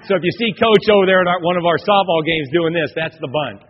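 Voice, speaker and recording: A male pastor preaching an energetic sermon to his congregation in a church, building to emphatic peaks. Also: fairly high pitch, quick pace, long reverb tail, a little hiss or hum. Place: church sanctuary. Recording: dull lo-fi recording.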